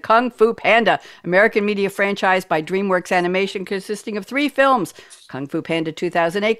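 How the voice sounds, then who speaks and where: Low-voiced woman hosting a panel. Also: no echo, clean studio sound. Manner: chatty, self-deprecating asides. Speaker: host.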